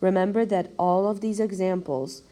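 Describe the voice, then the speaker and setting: A language teacher with a warm, mid-range voice and fairly even intonation records a video lecture. She explains slowly and step by step, carefully spelling out every syllable.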